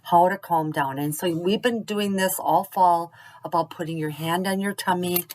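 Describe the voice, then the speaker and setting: Gentle teacher woman, low-pitched voice. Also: a little hiss or hum, rough recording. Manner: gentle, encouraging, slow and clear. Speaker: early childhood teacher. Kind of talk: instructional video for parents.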